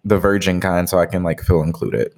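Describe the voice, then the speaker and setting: A young man with a deep, low voice talks in a loose, rambling way, filling his sentences with "like" and "you know." He sounds like a casual podcast co-host sharing a personal story with a friend. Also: animated, brisk, gravelly, a little mellow. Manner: rambling, heavy use of "like". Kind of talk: casual chat.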